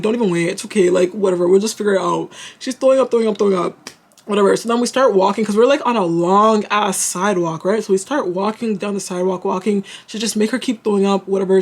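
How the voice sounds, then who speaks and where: A young woman from Canada, telling a storytime to her vlog audience in an animated, slangy way full of fillers. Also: mid-range voice, husky. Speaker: vlogger. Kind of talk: casual storytime.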